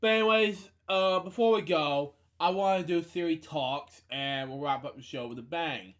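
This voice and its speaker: A man with a notably high voice hosts a casual home video show. He sounds tired and yawns, rambling through upcoming episodes with plenty of fillers. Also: normal speed, a bit bright. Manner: rambling, listy delivery with frequent fillers. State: tired and yawning. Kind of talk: casual show wrap-up and announcements.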